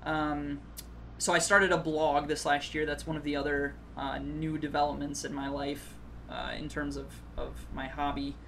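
A man's voice: on the high side, little pitch movement, normal speed, creaky, a bit bright, a little hiss or hum. Dry, sarcastic man chatting. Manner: dry, sarcastic humor, many fillers. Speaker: guest, board game blogger. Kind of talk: casual podcast chat.

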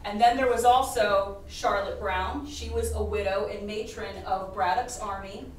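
Woman presenter, chatty, hoarse, recorded far off in a very echoey room. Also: medium pitch, fairly even intonation, a little slow. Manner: chatty, laughs often, many fillers and restarts. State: losing her voice. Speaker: podcast host and presenter. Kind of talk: live presentation talk. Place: historic house presentation room. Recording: very echoey room, distant mic, faint noise.

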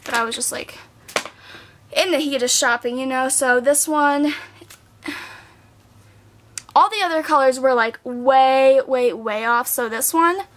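A high-pitched young woman of nineteen talks straight into her camera about what she bought. She is bubbly and gushing, her casual chat full of "like" fillers. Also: a bit bright. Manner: bubbly, chatty, says "like" a lot. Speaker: beauty vlogger. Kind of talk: casual haul video chat. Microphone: camera mic.

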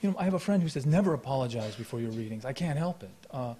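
A man giving a poetry reading at a live event, talking in a halting, reflective way with many fillers and restarts, then reciting his verse in a slow, measured voice. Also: mid-range voice, lively intonation, mellow. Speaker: poet. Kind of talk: poetry reading with spoken introduction. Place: lecture hall at a live event.

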